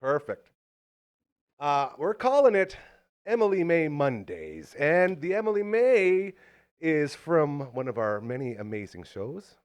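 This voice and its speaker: Man, talk show host, out of breath, hyped, joking, animated pitch. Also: a little slow, clear, resonant tone. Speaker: podcast host. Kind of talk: live local talk show.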